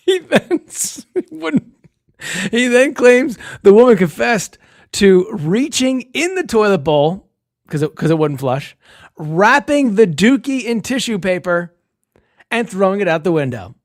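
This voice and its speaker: A man's voice: high voice, sing-song, measured pace, no room sound, studio quality. A man co-hosting a casual podcast, reading out a funny news story in a joking way and laughing often. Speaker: podcast co-host.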